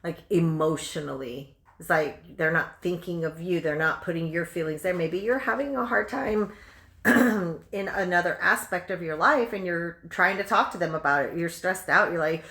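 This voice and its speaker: A woman's voice: lowish voice, normal speed, a bit bright, echoey room. A woman giving a casual tarot reading at her table at home, chatty and blunt, firing off rhetorical questions and calling the listener honey. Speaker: tarot reader.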